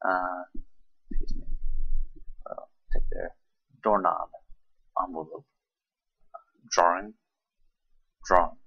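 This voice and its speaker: A tired young man from Charleston with a Southern accent, reading a word list slowly and hesitantly with many ums. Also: low voice, vocal fry, husky, dry recording, lo-fi sound. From Charleston, South Carolina. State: tired, late at night. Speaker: vlogger.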